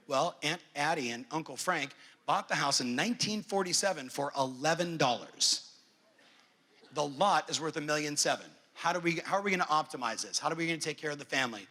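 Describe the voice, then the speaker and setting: A real estate coach gives a brash, foul-mouthed motivational keynote from a big conference stage, repeatedly polling the audience. He talks fast in a fairly high, pushed, bright voice, with the hall's long reverb around him.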